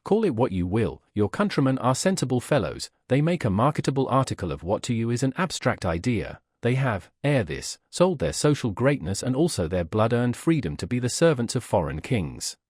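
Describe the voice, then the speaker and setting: A sneering English gentleman talks down to others with open contempt, lecturing as he goes, as a male narrator voices him. His speech moves with a lively rise and fall. The sound is dry and close. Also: medium pitch, brisk, hardly any pauses, husky, no echo. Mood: contemptuous. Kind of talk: audiobook reading.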